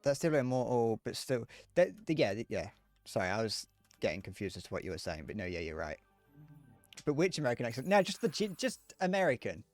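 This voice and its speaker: A man's voice: medium pitch, very animated, fairly quick, a little mellow, no echo, soft background music. A young man with a Northern Irish accent, chatting casually with viewers as a livestreamer, rambling and laughing at his own jokes. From Northern Ireland. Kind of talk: casual chat to viewers while gaming.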